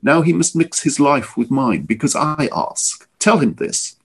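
A man's voice: medium pitch, very animated, a little slow, breathy edge, pitched above the performer's own voice, heavily acted. A man voicing a bubbling, menacing old shapeshifter. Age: older. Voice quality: bubbling, scalding voice. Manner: menacing, commanding. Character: sinister old male shapeshifter, mocking and threatening.

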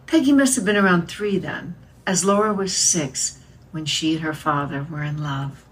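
A woman reading a novel aloud in a measured, expressive way. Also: low voice, recorded from a distance, low-quality recording. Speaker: reader.

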